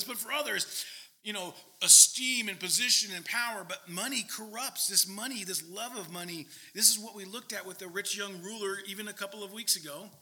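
High, bright-voiced man preaching emphatically. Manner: earnest, emphatic preaching with quick asides and mock voices. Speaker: pastor. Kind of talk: sermon.

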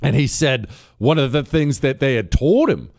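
A man holds forth on his political talk show, reading messages from listeners and answering them. His voice climbs and falls a lot, and he sits at a middling pitch for a man. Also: normal speed, vocal fry. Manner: animated, reads listener messages, mocking voices for quotes.

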